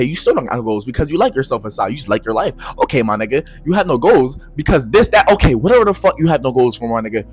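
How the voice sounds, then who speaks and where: A young man giving a profane, slangy advice rant to camera, swinging between low mutters and loud shouts. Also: slightly rough. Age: young adult. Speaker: vlogger.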